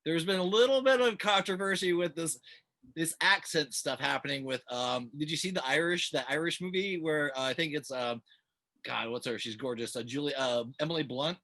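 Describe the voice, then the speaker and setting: A man hosts a casual interview, chatting loosely and wandering through his questions. His voice is bright and forceful and sits a little high. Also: normal speed. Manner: chatty, meandering questions, laughs easily. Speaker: interview host.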